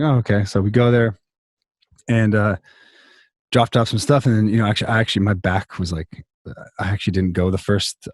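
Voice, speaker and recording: A man's voice: fairly low pitch, a little mellow, no room sound, studio quality. A man telling a long story in a casual interview over a video call, rambling with many restarts and fillers. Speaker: songwriter guest.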